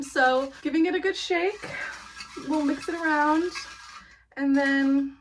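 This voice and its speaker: Bubbly high-voiced young woman book vlogger. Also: a bit bright. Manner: bubbly, laughs often, rambling asides. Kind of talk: casual chatty vlog.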